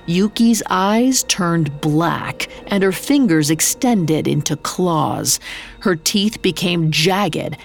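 A woman narrates a folk tale in a dramatic, scripted style. Her voice is gravelly with vocal fry and sits a little low. She speaks very slowly, with soft music playing beneath her. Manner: slow, dramatic storytelling delivery. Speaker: podcast narrator. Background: faint music.

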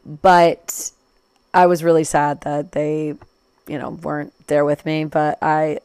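A woman in her twenties telling a casual storytime, chatty and quick, full of "like" and acted-out quotes. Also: low-pitched, flat delivery, darkish tone, clear, resonant tone, dry recording, clean studio sound. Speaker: vlogger.

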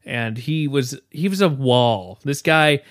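A man hosting a podcast, chatting casually and telling a story with loud shouted quotes and lots of laughter. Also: medium pitch, takes it slowly, no room sound, studio quality. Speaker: podcast host. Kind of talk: casual chat. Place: home, video call.

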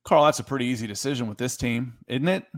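A man's voice: medium pitch, fast. Chatty man hosting a sports podcast. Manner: chatty, reads viewer comments aloud. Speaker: podcast host. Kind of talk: casual sports talk.

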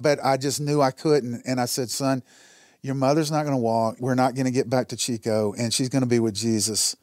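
A man's voice: darkish tone, no echo, clean studio sound. A man in his sixties telling an emotional personal story as a guest, earnest, acting out what others said. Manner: earnest, acts out quotes with rising pitch.

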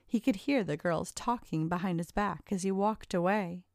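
A woman reads an audiobook with a low, steady voice, in a dry and close recording. She narrates in a measured, even manner, plain and unhurried. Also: no echo.

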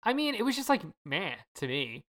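A woman's voice: medium pitch, sing-song, moderate pace, a bit bright. A woman co-hosting a podcast in casual chat, chatty and sarcastic with lots of fillers. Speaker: podcast co-host.

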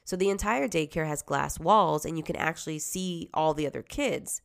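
A low-pitched woman with a gravelly edge to her voice, recounting a personal story about her son. She talks conversationally, often dropping to a hushed tone and growing animated when she is indignant. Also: normal speed, few pauses. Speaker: mother telling her story.

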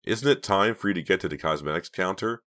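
A man's voice: deep voice, quick pace, a bit bright, pitched above the performer's own voice. A man voicing a stern middle-aged male store manager in an audiobook, speaking sharply and with disapproval.

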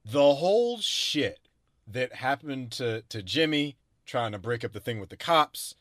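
A man whose pitch climbs and dips freely recaps a film's plot in a relaxed, swearing way. The recording is dry and close, with no room sound. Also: unhurried, no echo. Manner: expressive, swings between loud excitement and low recaps. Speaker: podcast co-host. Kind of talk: casual movie review chat.

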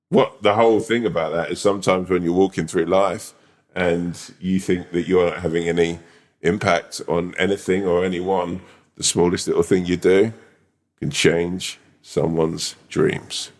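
A man's voice: low-pitched, fairly even intonation, a little slow, a little mellow. A man co-hosting a podcast, telling an improvised story in a playful, rambling way. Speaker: podcast co-host.

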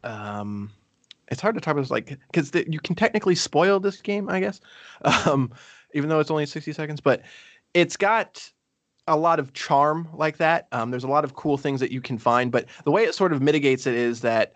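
A man's voice: on the high side, moderate pace, no room sound. A man co-hosting a casual game review chat, rambling with many fillers and restarts. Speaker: podcast co-host.

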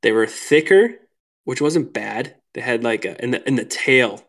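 A man from Minnesota, a podcast guest who tells fishing stories in a casual, animated way, laughing often and filling his speech with "like". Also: medium pitch, moderate pace. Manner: animated, laughing, lots of "like" fillers. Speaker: podcast guest, lure builder. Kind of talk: casual storytelling chat.

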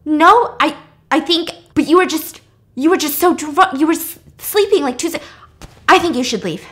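A woman's voice: sits high, animated, moderate pace, pitched above the performer's own voice. A woman voicing a panicky young man who keeps insisting he is a nice guy, stammering and defensive. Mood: panicked. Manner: stammering, defensive, rising to shouts.

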